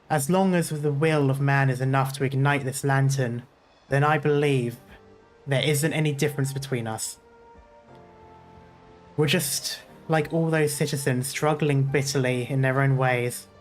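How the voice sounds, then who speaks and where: Man reading game lines aloud. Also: mid-range voice. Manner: earnest, steady reading with small slips. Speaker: gaming YouTuber.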